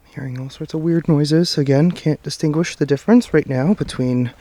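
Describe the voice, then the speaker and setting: This slightly high, mellow male voice moves at a moderate pace with no room sound. It belongs to a paranormal vlogger hurrying out of a forest at night and filming himself, jittery as he narrates nervously to viewers, sighing often and swearing and muttering under his breath. The audio comes from a handheld camera mic while he walks, with faint night forest noise and rattling in the background.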